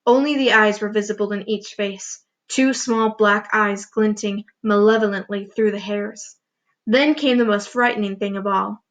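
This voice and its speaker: A woman teacher reading a children's book aloud with expressive, clear storytelling. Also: medium pitch, moderate pace.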